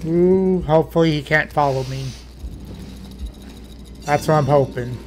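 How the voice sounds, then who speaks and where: Jumpy let's player muttering through a horror game, unhurried, faint ambience. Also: male voice, fairly high pitch, a little hiss or hum. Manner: nervous running self-talk, jumpy exclamations.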